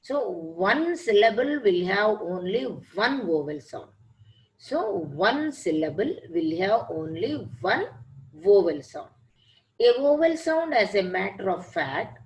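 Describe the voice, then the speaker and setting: A woman teacher giving a lecture on word stress and syllables, explaining slowly and repeating her points. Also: mid-range voice, sing-song, rough recording. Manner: slow, repetitive explaining. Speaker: English teacher.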